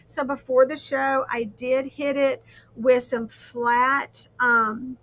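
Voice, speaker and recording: A woman's voice: high-pitched, little pitch movement, slow pace, a bit bright. A woman hosting a casual crafting livestream, chatting in a rambling, self-deprecating way. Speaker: livestream host.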